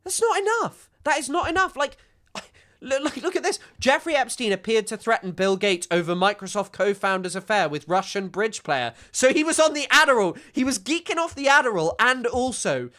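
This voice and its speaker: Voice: medium pitch, expressive, moderate pace, pushed and bright. A co-host reacting to news in an outraged, stammering way, often breaking into laughter. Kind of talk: casual reaction commentary.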